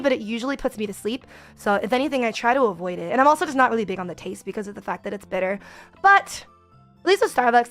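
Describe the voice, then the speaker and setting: High-voiced rambling woman streamer. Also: fairly bright tone. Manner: rambling, many fillers, reads chat aloud. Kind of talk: casual chat with chat readers.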